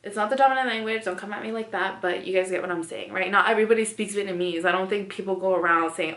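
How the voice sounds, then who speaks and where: A woman's voice: mid-range voice, quick pace, few pauses, a bit bright. A young woman vlogger telling a story in casual chat, rambling with lots of "like" and "you know" fillers. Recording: echoey room.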